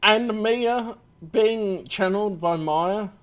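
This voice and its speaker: A man's voice: sits high, takes it slowly. A man hosting a let's play, chatting casually and laughing as he reads and voices a game. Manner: chatty, animated, laughs often. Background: music.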